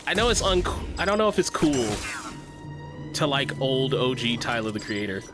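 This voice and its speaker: A man's voice: medium pitch, very animated, normal speed, over music. A young man streaming a game, chatting casually, joking, swearing and laughing often. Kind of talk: casual livestream chat.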